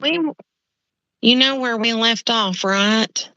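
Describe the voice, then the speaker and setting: A woman's voice: on the high side, slow, sharp tone, dull audio. A middle-aged woman with a nasal, drawling voice, chatting casually as co-host of a home video with her daughter. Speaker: co-host, the creator's mother. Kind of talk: casual chat.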